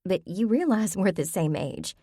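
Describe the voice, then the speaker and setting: A woman's voice: medium pitch, lively intonation, moderate pace, warm tone, no echo, clean studio sound, pitched above the performer's own voice, lightly acted. A woman voicing a curious, inquisitive young woman sleuth. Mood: worried.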